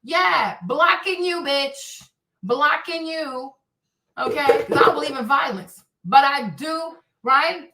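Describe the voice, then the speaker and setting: A high-pitched woman with a bright, sharp voice hosts a livestream and taunts the chat with profane, repetitive jabs. She sits some distance from the mic in an echoey room. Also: animated, takes it slowly. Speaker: livestream host. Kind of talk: live-stream rant answering chat.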